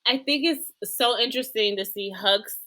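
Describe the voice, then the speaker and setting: A woman's voice: a little high, normal speed, bright, forceful tone, low-quality recording. A woman from Georgia co-hosting a podcast, chatting casually and retelling scenes by quoting the characters. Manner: storytelling, quoting characters in voices. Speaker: podcast co-host. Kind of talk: casual chat.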